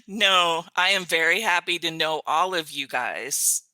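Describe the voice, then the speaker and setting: Older grandma type, lowish voice but bright, chatty guest who laughs a lot. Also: female voice, no echo. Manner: chatty storyteller, quick to laugh. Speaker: author's virtual assistant, guest. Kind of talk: casual interview chat.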